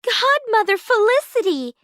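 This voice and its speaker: A woman's voice: very high voice, sing-song, takes it slowly, over music, voice pushed up, heavily acted. A woman voicing a young, put-upon heroine who is sweet but wry. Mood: earnest.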